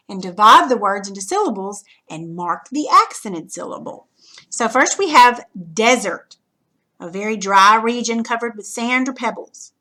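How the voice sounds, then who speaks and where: Woman teacher, slightly high voice, patient step-by-step reading lesson delivery. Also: a bit bright. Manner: patient, step-by-step explaining with frequent "okay".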